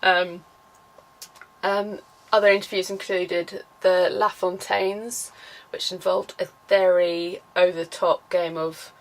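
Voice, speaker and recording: A woman's voice: fairly low pitch, flat delivery, takes it slowly, poor audio. A woman talking casually to camera in a vlog, chatty and enthusiastic with lots of fillers. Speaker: vlogger.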